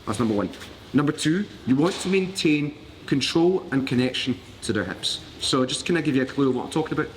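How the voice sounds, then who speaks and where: A man's voice: mid-range voice, expressive, brisk, big-room sound, slight background noise. A man from Glasgow with a broad Glaswegian Scottish accent, teaching a live martial arts class in a jokey, cheeky way and swearing freely. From Glasgow, Scotland. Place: training mat with a class around him.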